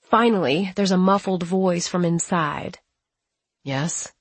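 A woman's voice: lowish voice, a little slow, no echo. A woman narrating a first-person audiobook in a plain, conversational storytelling manner, close to the mic.

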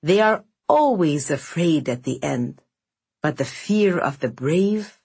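Woman voicing a menacing ancient bear spirit, husky and slow. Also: animated, darkish tone, exaggerated voice. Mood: cold gloating. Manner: slow, low, gloating menace. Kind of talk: audiobook narration.

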